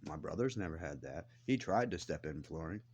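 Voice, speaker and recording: A man's voice: extremely low pitch, animated, a little fast, a little mellow, slight background noise. A man ranting to the camera in a blunt, defiant way, swearing heavily as he tells his grievances. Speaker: vlogger. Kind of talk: angry profane rant to camera.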